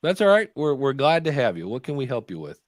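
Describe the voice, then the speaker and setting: A man's voice: medium pitch, sing-song, quick pace, dry recording, studio quality. A man hosting a live podcast Q&A, talking in an easygoing, chatty way with joking asides. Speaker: podcast host.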